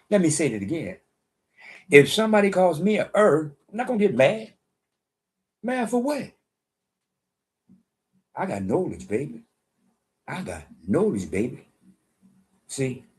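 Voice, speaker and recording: A man's voice: fairly high pitch, a little mellow. An American man giving a casual monologue commentary, preachy and boastful, who keeps repeating himself for emphasis. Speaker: online commentator.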